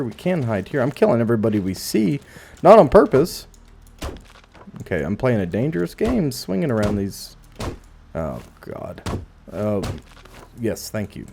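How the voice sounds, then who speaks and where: A man's voice: on the low side, vocal fry, darkish tone, slight background noise. A man casually commentating as he plays a video game, musing aloud with dry asides. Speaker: gameplay commentator. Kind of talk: casual let's play commentary.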